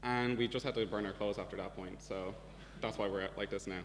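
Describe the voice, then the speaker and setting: A young Irish man telling a comic story in a profane, deadpan way as a student debate speaker in a debating chamber. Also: fairly low pitch, fairly quick, vocal fry. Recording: reverberant hall with faint hum.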